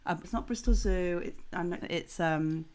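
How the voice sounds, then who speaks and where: A woman's voice: on the low side, moderate pace, a little mellow. A sleep-deprived woman co-hosting a podcast, chatting in a rambling, giggly way. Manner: rambling, giggly, loses her thread. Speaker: podcast co-host. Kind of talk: casual chat.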